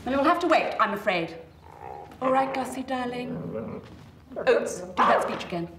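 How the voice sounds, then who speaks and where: Actress as a bossy young woman, impatient, lively pitch, roomy hall, music behind. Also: moderate pace, close to an everyday voice. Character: bossy young woman directing an amateur play.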